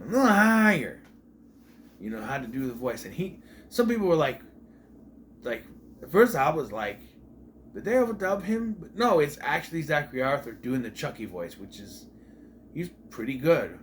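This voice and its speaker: A man's voice: on the high side, a little hiss or hum. A young man giving a casual, rambling spoken review of a TV episode, exasperated, swearing now and then and often restarting his sentences.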